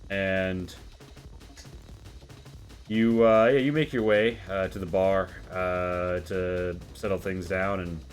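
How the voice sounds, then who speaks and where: A man narrating a tabletop role-playing game as game master, relaxed with many fillers. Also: deep voice, slow, faint music behind.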